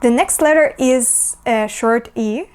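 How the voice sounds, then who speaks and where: A woman teaching pronunciation. She explains patiently, fills pauses with "uh" and repeats the example sounds. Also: a little high, smooth. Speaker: language teacher. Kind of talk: pronunciation lesson.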